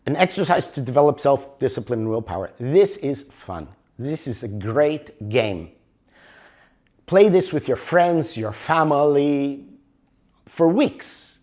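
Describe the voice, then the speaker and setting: An older man teaching a motivational workshop, animated and always checking for agreement with the audience. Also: medium pitch. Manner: animated, keeps asking for agreement. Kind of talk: workshop lecture.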